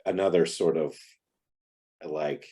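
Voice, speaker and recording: A deep-voiced man with a slightly husky tone chats on a video call. He tells anecdotes in a relaxed, lively way, often slipping into quoted dialogue. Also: slow pace. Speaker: actor guest. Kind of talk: casual interview storytelling.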